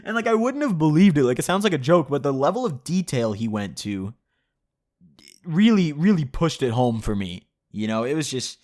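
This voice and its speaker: A man's voice: fairly high pitch, sing-song, moderate pace, a little mellow. A young man telling a story in a casual way, laughing and swearing freely, with a lot of "like" and "you know". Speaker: vlogger.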